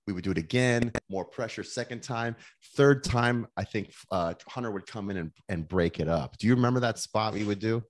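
A middle-aged former wrestler on a podcast tells rambling, casual stories, restarting again and again. His voice sits fairly low, and he talks fairly quickly.

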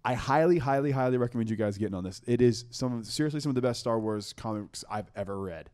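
A man's voice: medium pitch, fast, darkish tone. A young man hosting a podcast, talking in a casual, enthusiastic and rambling way with many restarts. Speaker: podcast host. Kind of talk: casual chat.

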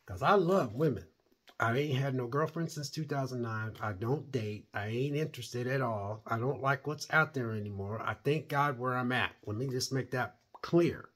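A man's voice: mid-range voice, normal speed, a bit bright, breathy edge. A man giving a rambling, blunt, opinionated spoken review of a TV series. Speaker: show reviewer.

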